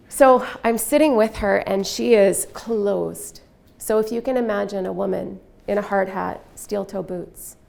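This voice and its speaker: A woman's voice: medium pitch, creaky, a little mellow. A middle-aged woman giving a presentation on workplace culture, telling a personal story in a candid, reflective way with quoted dialogue.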